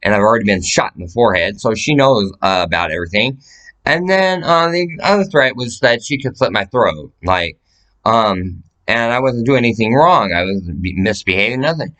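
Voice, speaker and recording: A man's voice: lowish voice, expressive, normal speed, fairly bright tone, rough recording. A man delivering a rambling, profane monologue to camera, urgently pleading and jumping from topic to topic. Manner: rambling, jumps between topics. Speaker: vlogger.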